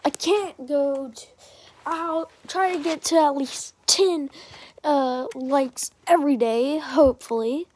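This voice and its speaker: A young woman runs a gaming channel, rambling chattily over her gameplay and begging viewers to subscribe. She speaks slowly in a high voice with a somewhat dark tone.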